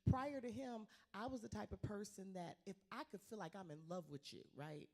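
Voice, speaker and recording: A woman's voice: mid-range voice, moderate pace. A middle-aged woman, a pastor speaking frankly and casually to her congregation. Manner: candid, lively, tells it straight.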